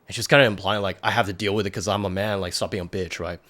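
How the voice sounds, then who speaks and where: A young man with a somewhat low voice tells a story from his past as a podcast guest. He talks loosely and rambles, packing his sentences with fillers and false starts. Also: steady tone, very fast, few pauses, fairly bright tone. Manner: rambling, heavy on filler words and restarts. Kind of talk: casual storytelling.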